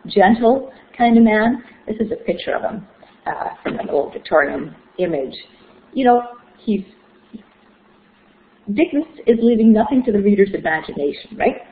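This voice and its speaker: A woman's voice: medium pitch, animated, measured pace. Woman, literature lecture, conversational explaining, tinny, roomy echo. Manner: explanatory, with rhetorical questions and fillers. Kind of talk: recorded lecture. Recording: echoey, phone-like thin sound.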